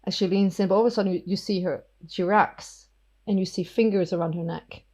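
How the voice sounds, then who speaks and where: Husky woman narrating a tabletop game. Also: mid-range voice, steady tone, fairly quick, a little mellow, low-quality recording. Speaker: game master.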